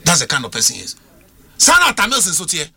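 A Ghanaian-accented man argues his point as a panelist on a heated political talk show. His voice sits high and swings widely in pitch. The tone is piercingly bright and edgy, and he switches languages mid-sentence. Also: huge pitch swings, fast talker, creaky.

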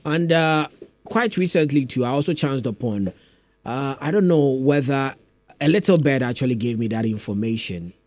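A man hosting a radio interview, asking measured questions and murmuring agreement. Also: mid-range voice, expressive, a little mellow, dry recording, faint music behind. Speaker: radio host.

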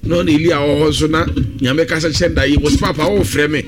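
Brief: male preacher, slightly raised pitch, emphatic on-air sermon. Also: fairly even intonation, brisk, very noisy.

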